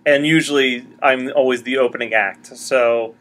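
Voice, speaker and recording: A man hosting an interview podcast, telling stories casually with an animated, laughing manner. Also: medium pitch, moderate pace. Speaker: podcast host.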